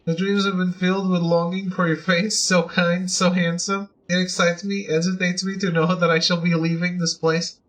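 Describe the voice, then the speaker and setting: A man reading as a swooning, obsessive woman admirer from a video game, pouring out florid, old-fashioned lines of devotion. The delivery is overwrought and theatrical, and it sits high for a man's voice. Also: flat delivery, normal speed, hardly any pauses, a bit bright, low-quality recording. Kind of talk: reading a letter aloud from a game.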